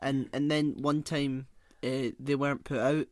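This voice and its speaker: A man co-hosting a podcast in casual chat, animated and sweary, breaking into mocking voices of relatives. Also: medium pitch, unhurried, dry recording. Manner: animated, swearing, mimics relatives with put-on accents. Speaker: podcast co-host.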